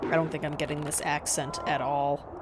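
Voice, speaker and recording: A woman's voice: low voice, flat delivery, normal speed, heavy background noise. A woman streaming a video game, commenting in a playful, casual way and swearing freely.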